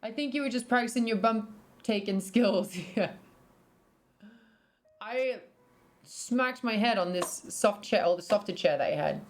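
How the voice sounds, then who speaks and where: A young British woman, her accent softened by years in America, chatting casually on a livestream and reading out her chat. She giggles a lot, swears freely and coos at her dog. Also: on the high side, a little slow, pauses often, a little hiss or hum. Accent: British, partly American after years in the US. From Britain.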